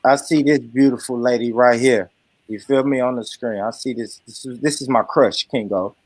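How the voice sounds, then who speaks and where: A young man chatting in a playful, animated way, joking around. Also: mid-range voice, normal speed, no echo. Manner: playful and animated, rehearses lines for laughs. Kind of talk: casual chat.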